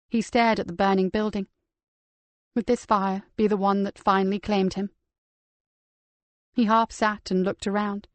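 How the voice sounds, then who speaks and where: A woman narrating a crime novel audiobook in a steady, measured reading. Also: medium pitch, dry recording. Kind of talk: scripted crime fiction narration.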